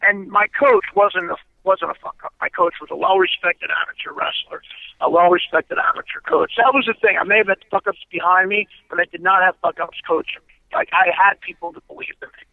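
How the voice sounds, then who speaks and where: Over a tinny, dry phone line with no room sound, a former pro wrestler speaks fairly quickly in a high, creaky voice. As an interview guest, he tells stories in a blunt, profane, emphatic way in casual conversation.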